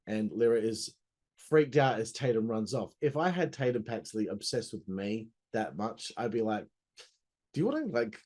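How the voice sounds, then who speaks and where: A man's voice: lowish voice, normal speed, a little mellow. Crude man reviewing wrestling. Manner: crude, rambling, joking asides. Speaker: host. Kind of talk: casual wrestling show review.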